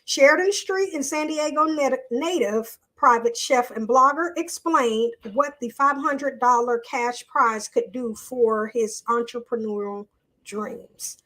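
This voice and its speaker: A woman's voice: high voice, a bit bright. A woman hosting a live online show, chatting casually with viewers and reading a news article aloud in a loose, off-the-cuff way.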